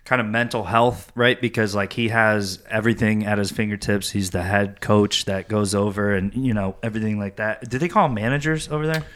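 A man with a low voice joins a relaxed conversation among friends. He talks with enthusiasm, hedging often with fillers. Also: a little fast, hardly any pauses. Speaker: podcast co-host. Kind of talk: casual chat.

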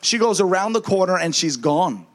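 A man preaching as a minister, telling a lively testimony story and acting out the voices of the people in it, often with a laugh. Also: high voice, moderate pace, a little hiss or hum. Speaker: traveling minister.

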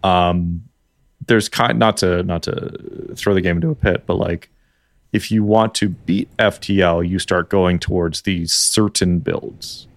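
A man's voice: low voice, fairly even intonation, measured pace, no room sound. A Canadian man with a Canadian accent chatting casually about video games on a podcast, rambling and restarting his sentences. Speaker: podcast co-host. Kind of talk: casual gaming chat.

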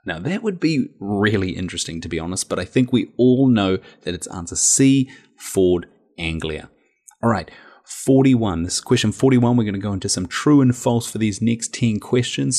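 A man hosting a trivia round on a podcast, reading each question and its choices aloud. His voice sits a little low. He talks casually, teases the listeners now and then, and drops the odd "uh" as he goes. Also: darkish tone. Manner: casual, teasing quizmaster with filler "uh"s. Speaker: podcast quiz host.

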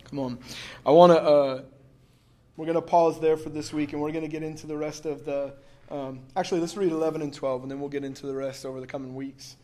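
A man preaching a casual sermon, telling a personal story in a conversational way, full of "like" and quick laughs. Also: fairly high pitch, fairly even intonation, darkish tone. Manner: conversational, laughing often, lots of filler "like". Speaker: pastor.

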